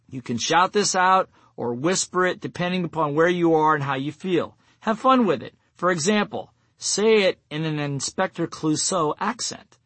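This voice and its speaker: A man delivers an instructional sales-training talk in a somewhat high voice. He works through numbered steps and drops into short acted bits of self-talk. The sound is close and dry, with no room echo. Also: a bit bright.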